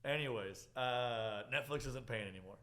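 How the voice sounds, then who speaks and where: A young podcast host speaks at normal speed in a mid-range voice during a casual chat. He's an animated storyteller, acting out quotes and laughing often along the way.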